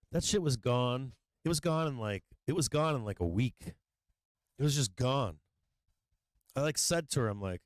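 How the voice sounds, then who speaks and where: A man's voice: medium pitch, dry recording, clean studio sound. A middle-aged man hosting a live stock market stream, talking casually and profanely about charts and money, rambling between trade updates. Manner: rambling, profane, breaks into gleeful taunting. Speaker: livestream stock market host.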